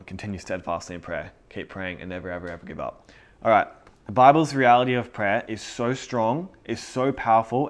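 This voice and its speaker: A man preaching a sermon in a casual, conversational way, earnest and often breaking into short laughs. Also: lowish voice. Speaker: pastor.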